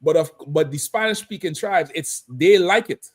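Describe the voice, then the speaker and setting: A man hosting a relaxed talk show, his voice sitting a little high for a man. He talks loosely, cursing as he goes, and breaks into laughter often. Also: moderate pace, breathy edge. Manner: loose, laughing, swears freely. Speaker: host. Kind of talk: casual chat on a live show.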